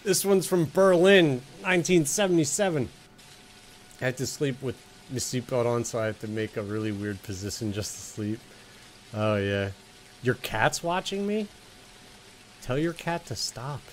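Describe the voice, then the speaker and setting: A man's voice: mid-range voice, lively intonation, normal speed, a little hiss or hum. A young man commentating on a video game, joking, swearing and talking to the characters on screen. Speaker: gaming streamer.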